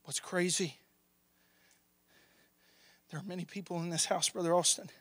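A young male pastor preaching a sermon with passion, swinging from shouts down to hushed near-whispers. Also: sits high, fairly even intonation, moderate pace, dry recording. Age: young adult.

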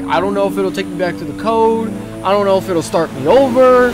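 A man's voice: high voice, animated, moderate pace, few pauses. Jittery stammering young gaming commentator man. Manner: jittery, stammering, swears a lot, yells in fright. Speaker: gaming YouTuber. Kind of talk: horror game let's play commentary. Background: game music.

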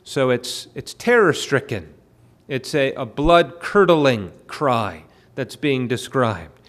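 A man preaching a sermon at a midweek prayer meeting, often pausing with fillers and repeated words. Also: medium pitch, animated, a bit bright. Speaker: pastor. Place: church.

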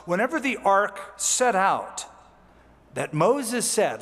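Here a man with a high-pitched, slightly bright voice speaks at a measured pace, his pitch swinging widely. He is a pastor preaching an expository sermon verse by verse, reading scripture aloud and unpacking it with relaxed, chatty asides, recorded in a hall with long reverb.

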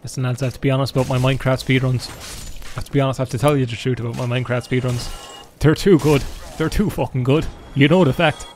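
A man's voice: mid-range voice, fairly even intonation, fast, a little mellow, slight background noise. A young Irish man live-streaming a game alone in his room, joking and rambling to his chat as he plays. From Ireland. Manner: jokey, rambling, talks to chat while playing.

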